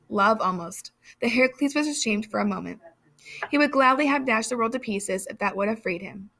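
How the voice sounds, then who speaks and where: A woman reading literary passages aloud in a measured, expressive way. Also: fairly high pitch, vocal fry. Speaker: reader.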